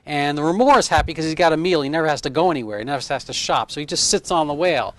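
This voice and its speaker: A medical doctor in his fifties is interviewed in casual conversation, talking very fast in a fairly high-pitched, expressive voice. He rambles through his explanations using homespun comparisons.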